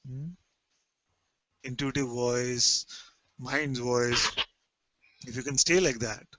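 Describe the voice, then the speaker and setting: A man leading a satsang, speaking slowly and emphatically as a spiritual teacher who gently repeats his points. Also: medium pitch, steady tone, no room sound, highs cut off. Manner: slow, emphatic, gently repetitive.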